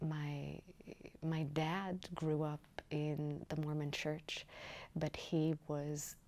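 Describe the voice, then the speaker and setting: A woman filmmaker talking about her documentary in a film festival interview, reflective and measured, pausing to search for words. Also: deep voice, level tone, darkish tone.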